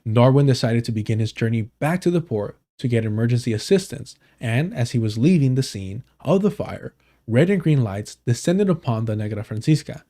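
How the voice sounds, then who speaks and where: Male streamer, mellow and warm, reads news aloud with blunt casual asides. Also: mid-range voice. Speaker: live streamer. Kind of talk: casual live stream commentary.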